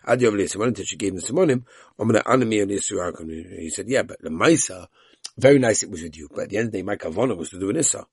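Male Talmud teacher, low husky voice, quick delivery, reads Aramaic and retells the story in English. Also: lively intonation, no echo, clean studio sound. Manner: tells the story with voiced quotes of the characters.

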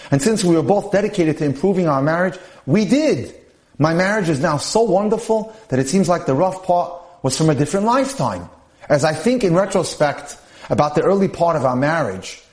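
A man reading a personal story aloud and adding his own earnest, measured commentary on marriage. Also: fairly high pitch, darkish tone, reverberant. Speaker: speaker on marriage.

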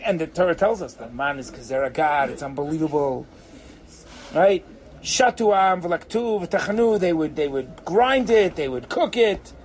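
Man, Torah teacher, high voice, very animated, theatrical storytelling, Hebrew phrases mixed in. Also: a little hiss or hum, rough recording. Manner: lively and theatrical, acts out characters, sprinkles in Hebrew phrases.

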